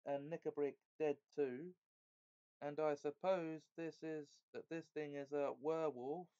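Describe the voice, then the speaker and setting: A man reading as a boy high king from a storybook, steady, gracious and in command. The voice sits slightly high and moves slowly. The recording is dull and lo-fi. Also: clear, resonant tone, lightly acted. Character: boy high king, calm and courteous leader.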